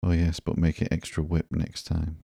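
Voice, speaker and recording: A man reading the lines of a sarcastic young woman antihero in a low-key, barely changed voice for a sleepy comic book reading. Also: completely flat delivery, normal speed, creaky, dark tone, breathy edge, dry recording, studio quality, exaggerated voice. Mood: sulky.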